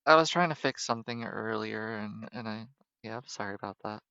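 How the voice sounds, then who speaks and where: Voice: medium pitch, a little fast, gravelly, bright, forceful tone, smooth, dry recording, muffled recording. A streamer chatting casually during a live stream in an apologetic, laughing way.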